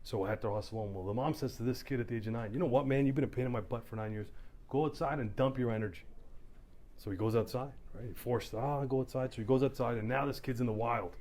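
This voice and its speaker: In a community hall town hall, a middle-aged Canadian cop tells stories in a medium-pitched voice that races along, hardly pausing. He brings the tales to life by acting out different voices.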